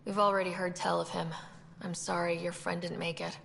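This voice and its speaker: Calm young pathfinder lady, low-ish voice, quick and gravelly, game audio w/ reverb. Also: slight background noise. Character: calm steady young female pathfinder leader.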